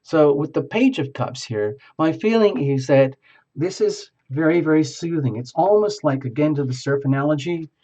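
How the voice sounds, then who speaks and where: A man giving a tarot reading in a rambling, halting, effusive way. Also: fairly high pitch, expressive, mellow, highs cut off. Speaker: tarot reader.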